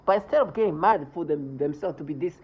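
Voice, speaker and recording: A man's voice: fairly high pitch, lively intonation, quick pace, darkish tone, breathy edge, rough recording. A man ranting indignantly in a vlog monologue, swearing as he talks. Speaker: vlogger.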